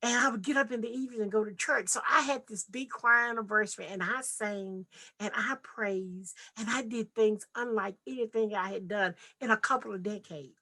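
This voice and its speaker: A woman's voice: mid-range voice, normal speed, pushed and bright. A woman from Nashville giving an earnest, heartfelt personal testimony as a podcast guest. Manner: earnest, heartfelt, vivid retelling.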